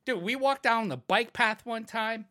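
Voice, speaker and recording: A young man in casual podcast chat, telling a wild story with lots of swearing and shouted, acted-out quotes. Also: very high-pitched, normal speed. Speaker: podcast co-host.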